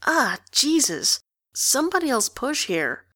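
A woman's voice: high-pitched, very animated, a little slow, fairly bright tone, dry recording, clean studio sound, pitched above the performer's own voice, heavily acted. A woman voicing a blunt, sarcastic teenage boy who swears casually. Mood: strained. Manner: sardonic, casual.

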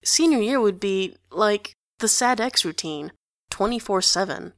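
A sarcastic, blunt teenage boy, read by a woman. Mid-pitched and casual with a dry, close sound in a storybook reading. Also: lively intonation, unhurried, no echo. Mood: sardonic. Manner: sardonic, casual.

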